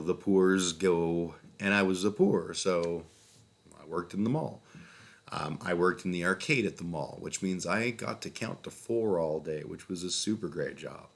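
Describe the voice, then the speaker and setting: Deep-voiced sardonic man telling stories. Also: measured pace, gravelly. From Calgary, Canada. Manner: profane, sardonic, animated storytelling with sudden loud outbursts. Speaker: vlogger. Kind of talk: casual storytelling monologue.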